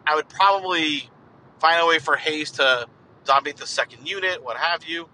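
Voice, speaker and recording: Male podcast host, solo casual monologue, slightly high pitch, digressive, asks himself questions. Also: normal speed, pushed and bright, slight background noise, rough recording. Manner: rambling, digressive, rhetorical questions.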